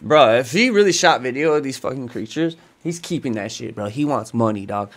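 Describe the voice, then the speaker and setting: A man from the Las Vegas area hosting a casual reaction video, profane, slangy and excitable. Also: mid-range voice, a little fast.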